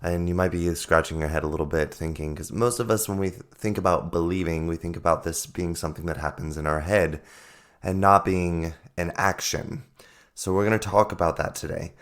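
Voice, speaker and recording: Hoarse guy with a really low voice doing his solo podcast, earnest, keeps repeating himself to drive it home. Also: steady tone, a little fast, a bit bright. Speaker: podcast host and life coach.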